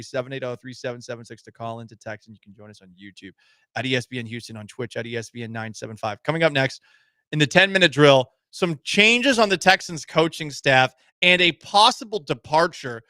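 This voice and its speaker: A man's voice: medium pitch, brisk, sharp tone, no room sound, clean studio sound. A man hosting a sports radio show, chatting casually, often laughing and letting his voice drop to a mumble. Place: radio studio. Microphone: studio mic.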